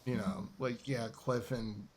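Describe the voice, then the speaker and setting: A man's voice: mid-range voice, fairly even intonation, slow, a little mellow, slight background noise. A young man co-hosting a casual film review podcast, laughing often and animatedly retelling scenes. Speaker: podcast co-host.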